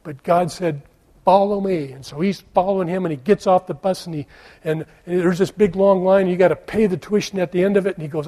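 A middle-aged American man preaching a sermon, telling stories and moving from hushed tones to loud emphatic questions. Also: high-pitched, brisk. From United States. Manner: storytelling, shifting from soft hush to loud emphatic questions. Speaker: pastor.

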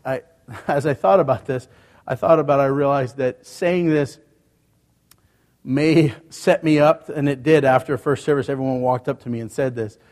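A man's voice: a little high, darkish tone, long reverb tail. A male pastor preaching a sermon in a church, talking to the congregation in a conversational way with rhetorical questions. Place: church sanctuary.

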